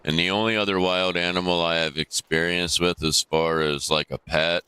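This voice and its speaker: A man with a very low voice chats casually while streaming a game, wandering through his thoughts with plenty of ums and restarts. He talks through a gaming headset mic, and a steady hiss of noise sits behind him. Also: moderate pace. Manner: rambling, many fillers and restarts. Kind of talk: casual live-stream chat.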